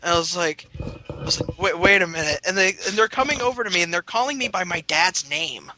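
A man's voice: sits high, animated, a little fast, sharp tone, dry recording, rough recording. A young man casually telling a rambling, sweary story and laughing as he goes.

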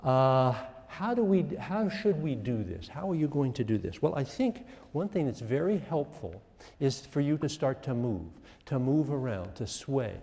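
Older male music professor, mellow voice, lively lecturing, echoey hall. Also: mid-range voice, normal speed. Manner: lively, self-mocking, asks the class questions. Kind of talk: classroom lecture.

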